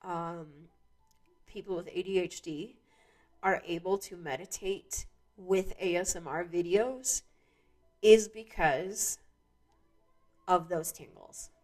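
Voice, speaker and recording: A woman's voice: fairly low pitch, takes it slowly, long pauses, faint music behind. A woman hosting her own show, talking casually in a rambling way with many restarts and fillers. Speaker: podcast host. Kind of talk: casual monologue.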